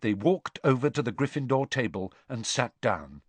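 A man narrating an audiobook chapter in a measured, expressive storytelling manner. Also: mid-range voice, husky, no echo. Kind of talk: scripted narration.

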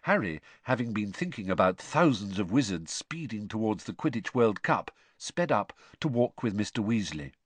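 Animated male storybook narrator. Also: on the low side, normal speed, hardly any pauses, breathy edge. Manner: animated, expressive reading. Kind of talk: audiobook narration.

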